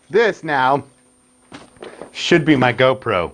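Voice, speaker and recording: Chatty low-voiced man on a noisy phone recording. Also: lively intonation, unhurried. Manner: chatty, self-narrating, easily amused. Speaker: woodworking channel host. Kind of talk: casual unboxing vlog. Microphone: phone camera.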